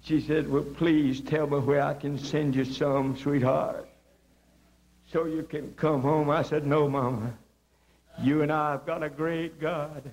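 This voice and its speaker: A male evangelist from South Georgia, telling his testimony in a sermon with impassioned storytelling, his voice swinging high on emphasis. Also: steady tone, unhurried, a little mellow. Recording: humming 1980s video recording.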